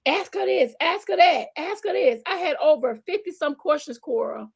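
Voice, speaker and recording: Speaking at a moderate pace with vocal fry, a high-pitched woman from the American South, both a talk show host and a church pastor, chats casually on a live stream. She reads viewer comments aloud, exclaiming animatedly as she goes.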